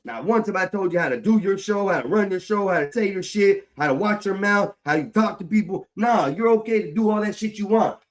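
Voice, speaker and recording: A man with a fairly high voice rants into his livestream mic. He swears constantly, circles back over the same complaints and sounds fed up. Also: fairly quick, few pauses. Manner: swears heavily, repeats himself, frustrated. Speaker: livestream host. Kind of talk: angry livestream rant.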